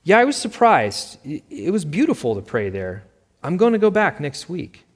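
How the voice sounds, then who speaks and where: A man's voice: a little high, wildly swooping pitch, moderate pace, breathy edge, heavily acted. A sheepish divorced father, read by a man, hesitant and apologetic, who stumbles and restarts as he speaks. Long reverb hangs behind the voice.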